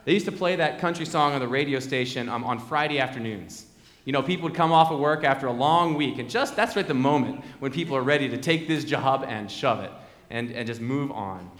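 A man's voice: medium pitch, a little fast, fairly bright tone. A man preaching a sermon as pastor, conversational and fond of repeated refrains, in a large church sanctuary. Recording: echoey hall with long reverb.

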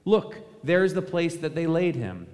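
A pastor preaches a sermon in a church sanctuary, speaking conversationally and putting rhetorical questions to the congregation. His voice is a little high and darkish, with a sing-song lilt at a normal speed. Long church reverb colors the recording.

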